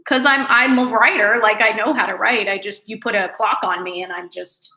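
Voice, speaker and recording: A woman's voice: medium pitch, fairly even intonation, moderate pace, hardly any pauses, bright, forceful tone, reverberant, rough recording. A stuffy, congested woman in her twenties, chatting casually on a live stream from her apartment and rambling with lots of fillers and restarts. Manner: chatty, rambling, many fillers and self-corrections. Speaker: artist live-streaming from home.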